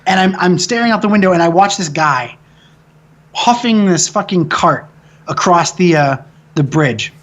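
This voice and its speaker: Profane animated American man telling a story. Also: sits high, normal speed. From American Midwest. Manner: profane, animated, rambling with restarts. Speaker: film director being interviewed. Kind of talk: casual storytelling interview.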